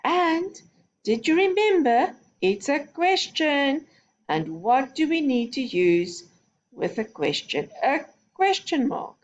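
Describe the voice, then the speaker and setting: A woman's voice: high voice, expressive, takes it slowly, lo-fi sound. A woman teaching a recorded phonics lesson to young children, giving patient, step-by-step instructions. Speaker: primary school teacher.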